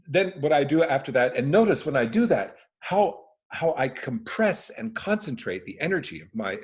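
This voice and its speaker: A man in his living room speaking on a video call, an expert answering interview questions with emphatic, expressive delivery and frequent restarts. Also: mid-range voice. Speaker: speaking coach and former conductor. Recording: dull lo-fi video call audio.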